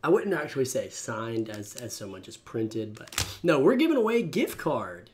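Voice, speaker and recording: A man's voice: mid-range voice, sing-song, normal speed. A man co-hosting a casual livestream from his room at home, joking and sarcastic, greeting viewers by name. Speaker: co-host of a comics livestream. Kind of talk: casual live-stream chat.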